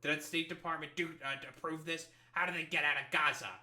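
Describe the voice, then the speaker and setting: A man's voice: on the high side, fairly even intonation, quick pace, bright, forceful tone. A young man streaming live commentary, swearing a lot and sounding sarcastic and incredulous. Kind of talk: livestream reaction commentary.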